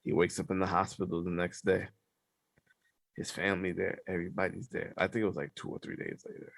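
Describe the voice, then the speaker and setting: A man co-hosting a podcast, telling a story in slangy casual chat, animated and sometimes dropping to a hush. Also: deep voice, fairly quick, creaky, dry recording, studio quality. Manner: animated storyteller, slangy, drops to hushed tones. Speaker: podcast co-host.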